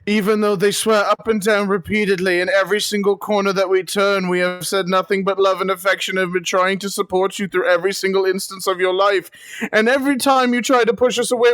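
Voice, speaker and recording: A man's voice: sits high, fairly bright tone, no room sound. A man voicing a distrustful, insecure adventurer in a ranting mock confession.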